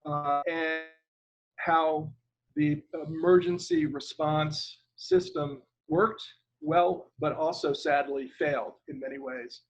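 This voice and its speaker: A man's voice: fairly high pitch, lively intonation, takes it slowly, creaky, low-quality recording. An older man from Ireland, a retired government lawyer, talking as a guest over a video call in a rambling, hesitant way and spelling out names letter by letter.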